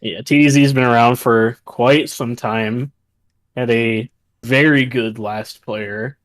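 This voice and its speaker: A man's voice: medium pitch, steady tone, takes it slowly, no echo, clean studio sound. A man co-hosting a casual draft show, talking in a laid-back way.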